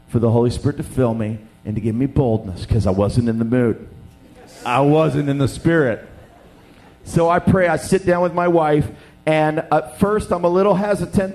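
A man's voice: a little high, moderate pace. A middle-aged man from Canada, a pastor telling a funny story in a sermon and acting out the voices of the people in it. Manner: animated, jokey, acts out dialogue.

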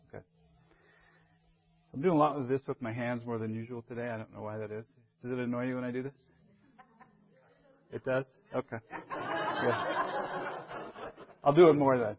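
A man's voice: mid-range voice, muffled recording. A man, a church elder, teaching a Bible class in a conversational way, often checking in with his listeners.

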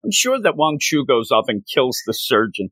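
A man casually retelling a comic story, animated and jumping into quick character voices as he goes. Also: mid-range voice, no room sound.

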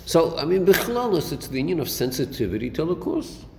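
A Torah teacher, male, lectures on a Chassidic text in a rather high, creaky, sing-song voice at a slightly fast clip. He asks rhetorical questions and uses Hebrew terms within his English, recorded in an echoey hall with faint noise.

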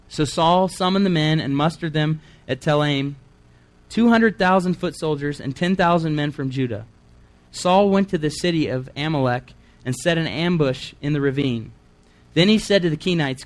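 A man's voice: on the high side, normal speed. A man preaching a sermon, reading scripture aloud and breaking in with earnest asides.

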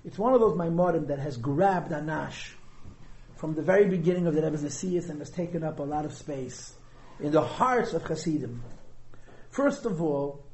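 A man's voice: a little high, a little mellow, roomy sound, poor audio. A man, teaching a class on a Chassidic discourse in a conversational lecture style and asking rhetorical questions. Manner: conversational, mixes Yiddish and Hebrew terms, asks rhetorical questions. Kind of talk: lecture on a text.

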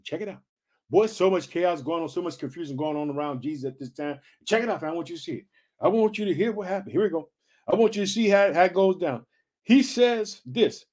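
A man with a high-set voice delivers a fired-up sermon. He keeps circling back to his catchphrases and calls his listeners family as he pushes them to stay encouraged. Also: animated, moderate pace, breathy edge. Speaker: preacher. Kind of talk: energetic sermon.

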